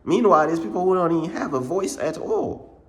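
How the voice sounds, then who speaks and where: Brief: man, higher-pitched, informal faith pep talk, slangy and repetitive, keeps hammering the point home. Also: very animated, a little fast, vocal fry. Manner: repetitive, informal slang, says "bruh" a lot; emphatic, circles back to points. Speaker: ministry channel host. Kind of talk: casual motivational faith talk.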